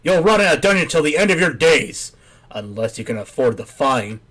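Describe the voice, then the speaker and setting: A man's voice: a little high, sing-song, normal speed, fairly bright tone. A man doing a stern threatening guard.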